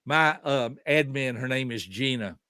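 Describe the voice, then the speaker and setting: A man's voice: medium pitch, lively intonation, measured pace, sharp tone, clean tone, no echo, studio quality. A man in his seventies, a behavior specialist explaining ideas in an emphatic, teaching way and asking rhetorical questions. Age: 70s. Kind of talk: conversational teaching.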